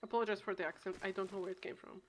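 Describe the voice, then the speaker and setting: A woman's voice: medium pitch, fairly even intonation, very fast, slight background noise. A young woman streaming a game, chatting casually in a dramatic, self-mocking way. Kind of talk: casual live game commentary. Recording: music playing behind.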